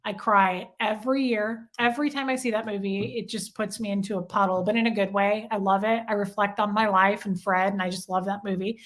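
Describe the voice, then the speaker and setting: A woman's voice: mid-range voice, steady tone, a little fast, hardly any pauses, fairly bright tone. A woman hosting a livestream, chatting casually and gushing as she reads out viewer comments. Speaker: livestream host.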